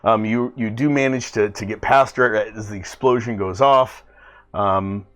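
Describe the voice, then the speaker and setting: A man narrating as game master of a tabletop role-playing game, in a halting, filler-heavy way. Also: on the low side, steady tone, fairly bright tone.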